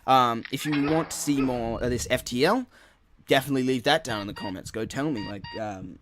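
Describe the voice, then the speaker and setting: A man's voice: mid-range voice, brisk, a little hiss or hum. A man hosting his own gaming channel, ranting in a casual solo podcast with many filler words and frequent swearing. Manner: rambling, frustrated, heavy swearing and filler words.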